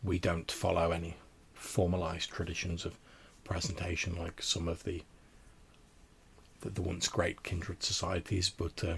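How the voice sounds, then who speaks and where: A man voicing a genteel old vampire crone woman who speaks formally and courteously, often halting and repeating words. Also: sits low, completely flat delivery, gravelly, a bit bright, slight background noise, full character voice.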